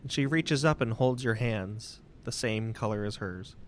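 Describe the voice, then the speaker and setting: A man's voice: on the low side, unhurried, a little hiss or hum. A man as game master, narrating the scene in the second person. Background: music.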